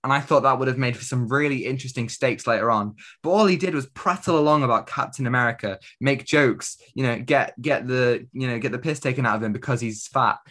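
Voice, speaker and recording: A man's voice: mid-range voice, brisk, few pauses, fairly bright tone. A man co-hosting a podcast, chatting casually about a film and leaning heavily on "you know" fillers. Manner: rambling, heavy use of "you know" fillers. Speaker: podcast co-host. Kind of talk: casual film review chat.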